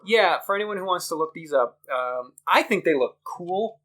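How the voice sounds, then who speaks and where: A male podcast co-host with a fairly high, very lively voice. He rambles through casual chat, laughing often and swearing freely. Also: moderate pace.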